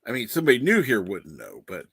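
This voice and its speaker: A man's voice: mid-range voice, wildly swooping pitch, fast talker, vocal fry, a bit bright, husky, dry recording. A man hosting a casual livestream, reading the chat aloud and laughing often. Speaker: livestream host.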